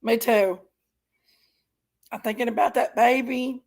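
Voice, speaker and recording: A woman's voice: on the high side, a little slow. A woman hosting a live stream, reacting to videos with indignant, exasperated commentary to her chat. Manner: indignant, exasperated, keeps apologizing to viewers.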